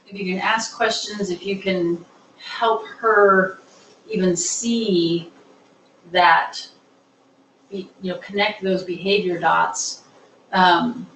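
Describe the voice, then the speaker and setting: A woman's voice: medium pitch, fairly bright tone, slight background noise. A woman leading a classroom discussion, explaining earnestly with everyday examples. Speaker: instructor on trauma-informed teaching. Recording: echoey room, voice from far off.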